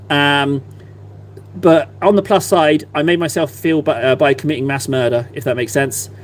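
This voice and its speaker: A man in his thirties chatting casually on a live stream while he paints, rambling and self-deprecating. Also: fairly high pitch.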